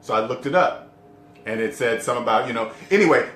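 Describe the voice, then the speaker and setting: A man's voice: expressive, quick pace, a bit bright, faint music behind. A middle-aged man vlogging casually to camera about debt-free living. He talks emphatically, repeats his key points and keeps asking the viewer questions. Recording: roomy echo with faint rumble.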